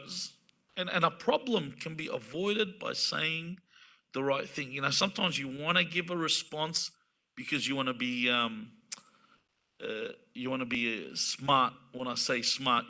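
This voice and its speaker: Bright-voiced man giving a casual sermon. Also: mid-range voice. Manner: conversational, acts out everyday dialogues. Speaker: speaker at an Islamic centre. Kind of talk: sermon-style talk.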